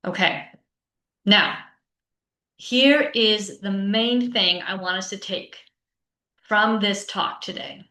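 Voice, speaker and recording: A woman's voice: mid-range voice, slow, long pauses, sharp tone. A woman giving a conference talk to teachers as a teacher coach. She speaks conversationally and often checks in with "right?". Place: online session with a chat. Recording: roomy echo.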